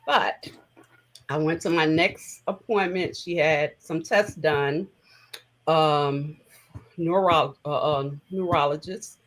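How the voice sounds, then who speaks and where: A woman's voice: low-pitched, slow pace, low-quality recording. A middle-aged woman telling a personal story as an interview guest, conversational and emotional, with many fillers.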